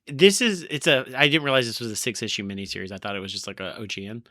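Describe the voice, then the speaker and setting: A man's voice: on the low side, no echo, studio quality. A man in casual podcast chat about comics, jumping in with questions and opinions. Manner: quick, animated, questioning. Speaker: podcast co-host. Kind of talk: casual comic book discussion.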